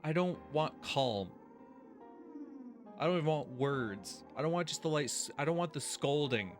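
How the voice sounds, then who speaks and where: A man hosting a let's-play video, reading game text aloud and reacting with exasperation and heavy swearing. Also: medium pitch. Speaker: gaming video host.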